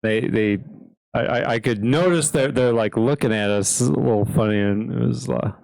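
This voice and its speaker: A man chatting casually and telling a story in a halting way, with many restarts. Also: medium pitch, creaky, darkish tone. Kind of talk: casual chat.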